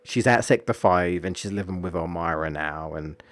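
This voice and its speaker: A man's voice: deep voice, moderate pace, no echo. A man, streaming and chatting casually, rambling with many fillers and restarts. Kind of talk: casual chat about a story.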